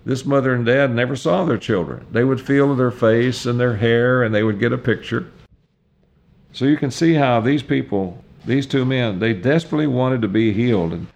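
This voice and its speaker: An older male pastor delivers a sermon in an earnest, deliberate way. His voice sits at a middle pitch. He leans on key phrases and slows down to drive them home. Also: vocal fry, darkish tone. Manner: earnest, deliberate preaching with slow emphatic stresses.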